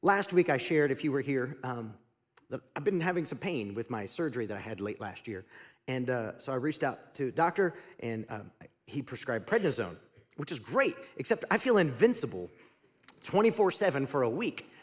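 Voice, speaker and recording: This middle-aged male pastor talks at a medium pitch and moderate pace, his words trailing into a long reverb. Chatting with his congregation and quizzing them, he preaches with animation that abruptly falls to near silence.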